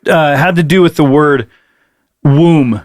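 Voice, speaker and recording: High-pitched male co-host, cursing and joking, dead-dry close-mic sound. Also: slow pace, dry recording. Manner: jokey, exasperated, curses for emphasis. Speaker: podcast co-host. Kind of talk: casual comedic chat.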